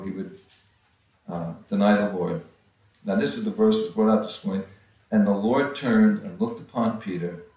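A man's voice: lowish voice, darkish tone. Man preaching in a very echoey room. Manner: halting, many restarts and fillers. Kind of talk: sermon, Bible teaching. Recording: far from the mic in a very echoey room.

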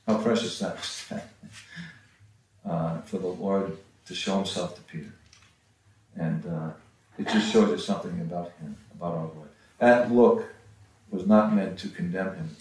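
A man giving a halting Bible-teaching sermon, with frequent restarts and pauses. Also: low voice, a little mellow, a little hiss or hum. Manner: halting, many restarts and fillers. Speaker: preacher. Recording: far from the mic in a very echoey room.

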